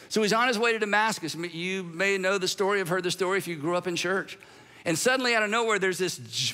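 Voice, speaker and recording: A pastor preaching a sermon with playful storytelling asides and strong emphasis. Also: male voice, sits high, sharp tone. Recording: long hall reverb.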